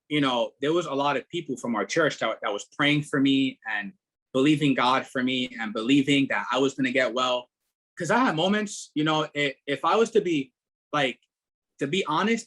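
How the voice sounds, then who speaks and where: A middle-aged man, a podcast guest telling his story in a casual, animated way, repeating words and leaning on fillers. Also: a little high, husky. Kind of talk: casual testimony.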